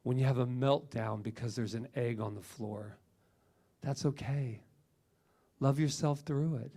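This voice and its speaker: Middle-aged male minister, gravelly, animated emphatic preacher. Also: mid-range voice, a little slow. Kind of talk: sermon.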